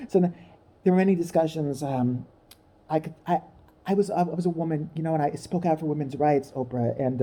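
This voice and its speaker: Deep-voiced and warm, this woman is a comedic commentator whose profane rant mocks its targets crudely as she impersonates them.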